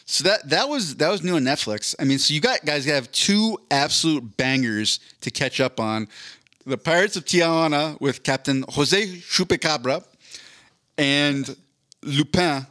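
A man's voice: medium pitch, bright, forceful tone, dry recording, studio quality. A man co-hosting a podcast in casual chat, rambling and swearing, often breaking into laughter mid-sentence. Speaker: podcast co-host.

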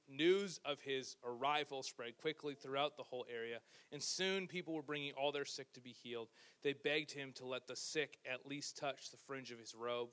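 A man preaching a sermon, retelling a scripture story in a lively way with joking asides. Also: mid-range voice, smooth. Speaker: pastor. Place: church stage.

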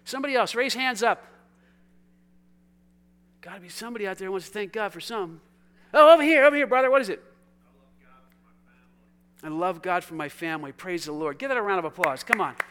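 A man preaching a sermon, talking with his congregation in a conversational, energetic way that swings from quiet asides to loud, exuberant calls. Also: high voice, brisk, long pauses. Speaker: pastor. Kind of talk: sermon with congregation call-and-response.

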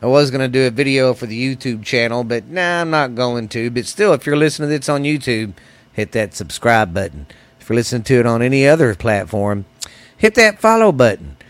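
A man's voice: medium pitch, expressive, a little fast, no echo. Rowdy man hosting a podcast. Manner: rowdy, profane, rambling, calls listeners baby. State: stuffy from sinus trouble. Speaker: podcast host. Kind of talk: casual rambling podcast monologue. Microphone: close studio mic.

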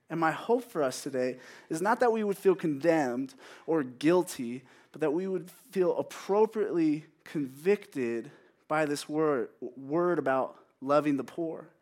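A man's voice: a little high, a little slow, darkish tone. A man in his thirties preaching a sermon in a conversational way, with self-joking asides.

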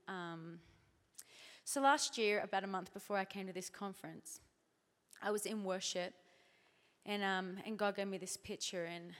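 A woman's voice: mid-range voice, a bit bright, long reverb tail. An Australian woman in her thirties giving a chatty, self-deprecating church talk at a conference, full of filler words. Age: 30s. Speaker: conference speaker.

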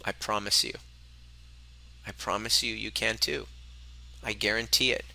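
A man's voice: lowish voice, fairly even intonation, measured pace, vocal fry, sharp tone, poor audio. A man coaching a live group on relationships, speaking emphatically and bluntly, swearing freely and repeating phrases for emphasis. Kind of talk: motivational talk to a live group.

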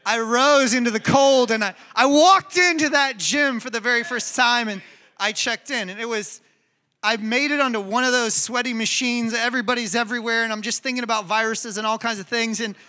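A man with a notably high voice preaching a sermon. His tone is very bright and sharp, and he tells his stories in an animated, chatty, emphatic way. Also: brisk. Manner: animated storytelling, conversational and emphatic. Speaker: pastor.

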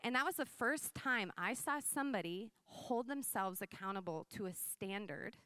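Woman in her 30s preaching, chatty and animated, bright clear voice, dry close sound. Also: medium pitch, moderate pace, dry recording. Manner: conversational, animated storytelling with frequent "like" and laughs. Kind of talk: sermon with personal testimony.

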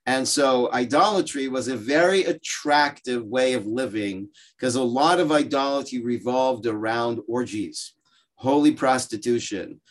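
A man teaching a religious class over a video call. He tells stories with lively asides and voices the people in them. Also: medium pitch, a little slow. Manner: lively storytelling, explaining with asides and quoted voices. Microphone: video call microphone.

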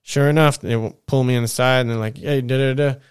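A man's voice: medium pitch, fairly even intonation, quick pace, clear, resonant tone, no room sound, clean studio sound. Profane laid-back storytelling man. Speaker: podcast storyteller. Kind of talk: casual storytelling.

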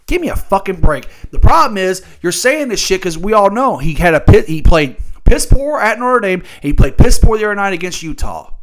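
A man's voice: sits high, very animated, moderate pace, few pauses. A man hosting a solo sports talk show, ranting in a fired-up, profane way. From Louisville area.

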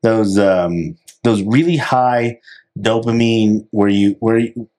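Animated, laughing male podcast co-host. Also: on the low side, slow pace. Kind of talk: casual podcast chat.

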